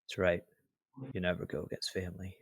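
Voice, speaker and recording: A man's voice: lowish voice, fairly even intonation, a little slow, dry recording, lightly acted. A man playing a weary, subdued fighter. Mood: grave. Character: weary male fighter, feeling weak.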